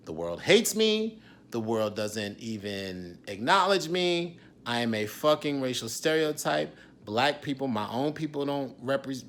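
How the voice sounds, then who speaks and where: Guy in his 40s venting raw and honest, mid pitch, slips into whispers, faint hum behind. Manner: raw and intense, dropping to hushed whispers and swearing freely. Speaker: actor and writer. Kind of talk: candid confessional vlog monologue.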